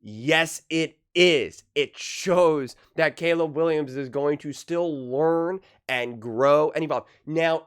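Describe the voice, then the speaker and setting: A man talking through football opinions in a loose, rambling way, often repeating and restarting his words. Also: a little high. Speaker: sports commentator. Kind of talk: casual sports opinion talk.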